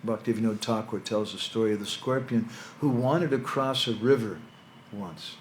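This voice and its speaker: A man's voice: fairly low pitch, normal speed, a little hiss or hum. A man giving a conversational spiritual talk to young people, telling stories with casual asides. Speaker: monk lecturer. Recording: echoey hall with faint ambience.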